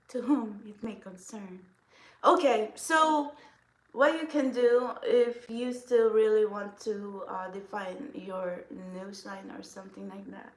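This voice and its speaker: A woman's voice: mid-range voice, steady tone, takes it slowly. A woman chatting casually through a makeup vlog, rambling and giggling often as she talks. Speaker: vlogger. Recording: echoey room.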